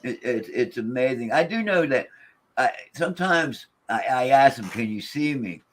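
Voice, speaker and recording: Man, casual talk, rambling, restarts often, quotes voices, mid-pitched. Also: expressive, moderate pace. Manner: rambling, with many restarts, quoting spirits. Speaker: paranormal investigator. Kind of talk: casual chat.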